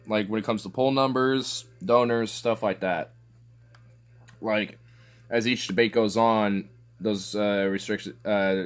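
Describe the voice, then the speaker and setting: A man ranting casually about politics as a streamer, profane and rambling, with lots of filler words and sarcastic asides. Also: fairly low pitch. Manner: sarcastic, scoffing laughs.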